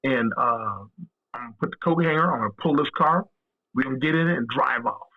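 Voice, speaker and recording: A man, a podcast guest, telling stories casually in an animated, profane way and acting out the dialogue. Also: mid-range voice, brisk. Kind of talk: casual storytelling. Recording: tinny phone-line audio.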